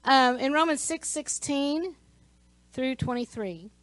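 A woman's voice: sits high, animated, takes it slowly, fairly bright tone, no room sound, rough recording. A woman teaching a Sunday school class, telling a personal story in a conversational way with many asides. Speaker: church teacher.

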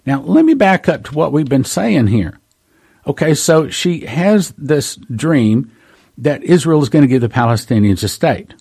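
A man hosts a prophecy talk show, preaching earnestly in a monologue and addressing his listeners as brothers and sisters. He reads dates and quotes at length. His voice is mid-range and a little mellow.

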